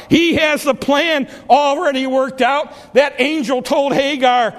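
High-voiced preacher in a reverberant hall. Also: male voice, steady tone, measured pace, hardly any pauses. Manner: rises to impassioned shouts, drops to hushed pleas. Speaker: pastor. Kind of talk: sermon. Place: church sanctuary. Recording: long reverb of a church hall.

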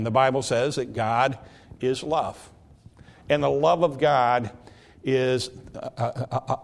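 A man preaching a sermon, slow and deliberate, drawing out the scripture he quotes. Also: mid-range voice. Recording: long hall reverb.

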